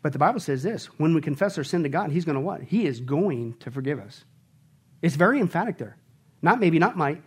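A man delivers a sermon as pastor, his voice sitting high. He preaches emphatically, firing rhetorical questions at the congregation. He moves between quiet, intimate stretches and loud, exclaiming peaks. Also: animated, fairly quick, breathy edge.

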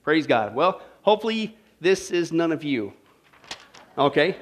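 A male pastor preaching a sermon, telling a joke and then driving into scripture with lively energy. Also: fairly high pitch, measured pace. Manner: energetic, joking storyteller preaching.

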